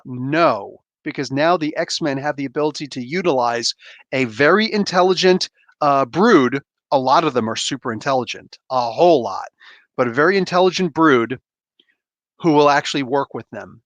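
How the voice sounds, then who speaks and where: A man's voice: on the high side, lively intonation, normal speed, fairly bright tone, dry recording. A man hosting a casual comic book spoiler review, rambling enthusiastically with slangy asides.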